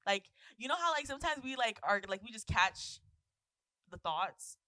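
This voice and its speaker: A woman in her twenties chats on a podcast in a put-on British accent, rambling through her stories with plenty of fillers. Her voice is bright and forward. The sound is dry and close. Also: fairly high pitch, sing-song, normal speed, no echo. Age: 20s. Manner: rambling, chatty storyteller with many fillers. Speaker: podcast co-host. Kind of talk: casual chat.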